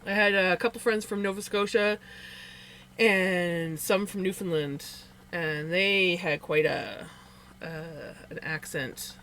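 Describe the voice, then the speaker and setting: A Canadian woman hosts a relaxed livestream, chatting with viewers and rambling through her thoughts with quick restarts. Her voice is bright and forward. A faint hum sits under it. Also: lowish voice. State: sleepy. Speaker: livestream host. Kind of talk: casual chat reading viewer comments.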